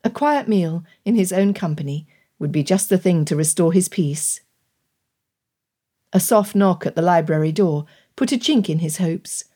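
Low, mellow female narrator. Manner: measured, even storytelling. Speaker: audiobook narrator. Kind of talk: scripted narration.

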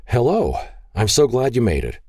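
A man voicing a rugged cowboy and fatherly rancher who speaks gently and warmly. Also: mid-range voice, wildly swooping pitch, normal speed, breathy edge, no room sound, clean studio sound, pitched above the performer's own voice. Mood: gentle.

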